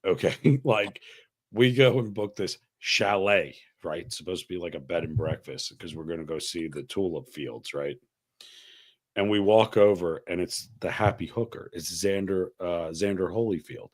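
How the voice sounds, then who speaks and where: A man telling stories on a casual podcast, his voice sitting a little low. He swears freely and tells it with animated energy, acting out the people in the story as he goes. It is loose, unfiltered chat among friends. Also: moderate pace. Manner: profane, animated storyteller, acts out quoted voices. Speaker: podcast co-host.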